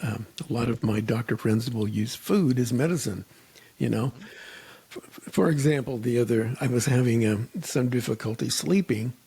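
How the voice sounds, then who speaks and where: A man's voice: medium pitch, normal speed, creaky, mellow, breathy edge. A man hosting a radio interview show, chatting casually and acting out joking bits of dialogue.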